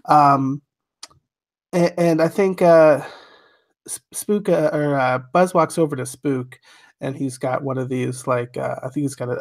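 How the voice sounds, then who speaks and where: A man's voice: mid-range voice, steady tone, a little slow. A man playing a tabletop game, chatting casually with fillers. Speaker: player. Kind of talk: tabletop play chat.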